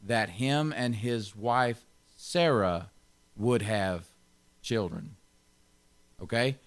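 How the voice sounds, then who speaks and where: A man's voice: lowish voice, very slow. A man pastor giving an informal Bible teaching, stressing key words and chuckling often.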